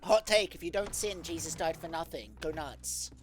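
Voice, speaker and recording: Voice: mid-range voice, expressive, moderate pace, faint music behind. A streamer chatting casually and jokingly while playing a game. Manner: playful, jokey, laughs a lot. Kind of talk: casual live-stream chat over a game.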